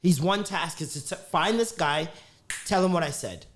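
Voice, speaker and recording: A man's voice: sits high, moderate pace, slight background noise. A man co-hosting a casual podcast, swearing freely and acting out scenes as he talks. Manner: animated, swears freely, acts out scenes with laughter. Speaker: podcast co-host. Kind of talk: casual chat.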